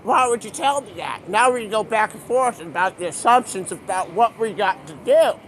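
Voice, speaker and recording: A man's voice: high-pitched, moderate pace, fairly bright tone, slight background noise. A young man livestreaming, rambling from one loose thought to the next and acting out the voices of the people in his stories. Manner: rambling, free-associating, acts out quoted voices. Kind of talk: rambling live monologue.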